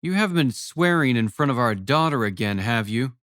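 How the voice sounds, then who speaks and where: A man's voice: medium pitch, lively intonation, brisk, fairly bright tone, no echo, clean studio sound, lightly acted. A man reading an audiobook, voicing a skeptical mother who scolds sharply. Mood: scolding.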